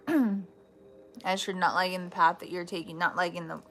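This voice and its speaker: A woman's voice: lowish voice, normal speed, fairly bright tone. A woman giving a casual live tarot reading, chatty and blunt, swearing freely and breaking off into laughs. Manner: restarts and trailing thoughts. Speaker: tarot reader.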